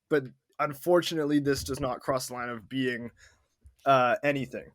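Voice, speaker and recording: A man's voice: fairly high pitch, steady tone, brisk, a bit bright, no room sound, clean studio sound. A man co-hosting a podcast, ranting emphatically and with scorn, swearing as he goes. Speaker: podcast co-host. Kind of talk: casual movie review chat.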